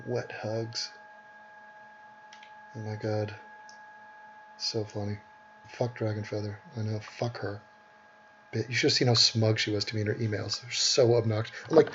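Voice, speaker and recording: A man's voice: lowish voice, fairly even intonation, moderate pace, pauses often, a bit bright, slight background noise. A man who is sick, hosting a casual chat in a blunt, scornful and profane way, laughing often. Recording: dull lo-fi audio.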